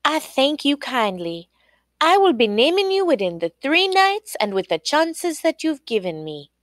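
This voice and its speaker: A woman's voice: sits high, sing-song, takes it slowly, fairly bright tone, no echo, studio quality, voice pushed up, exaggerated voice. A woman doing a pleading young queen. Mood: sweet. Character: young captive queen, anxious but polite.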